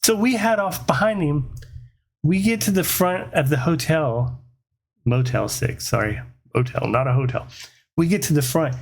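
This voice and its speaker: Slightly high-voiced man telling a story. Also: moderate pace. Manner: animated, acts out quotes, swears casually. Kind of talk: casual storytime.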